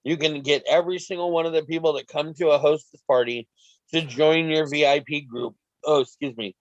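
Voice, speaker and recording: A man with the hiccups leading a team call, giving rambling, relaxed sales advice. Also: on the high side, a little fast, dry recording, muffled recording. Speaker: team leader. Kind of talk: casual coaching chat.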